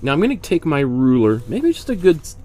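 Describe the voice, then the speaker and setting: A man's voice: fairly high pitch, wildly swooping pitch, fairly quick, mellow. A man with a cold teaching a painting class. He talks in a chatty way and explains each step as he works. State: congested with a cold. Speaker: art instructor. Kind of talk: casual painting demonstration.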